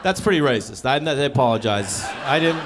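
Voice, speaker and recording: A man's voice: fairly quick, background noise. A man in his thirties doing a stand-up comedy set on stage, telling stories with bursts of acted voices. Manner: animated storytelling with sudden high-pitched acted quotes. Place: comedy stage before a live audience.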